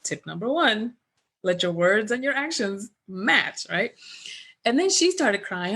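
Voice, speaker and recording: A woman's voice: medium pitch, a little slow, breathy edge. A middle-aged woman coaching business owners over a webcam call, speaking conversationally. She tells stories with animation and drifts through several examples before returning to her point. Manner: animated storyteller, acts out remembered dialogue. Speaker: business coach presenting at a virtual summit. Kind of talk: conversational webinar presentation.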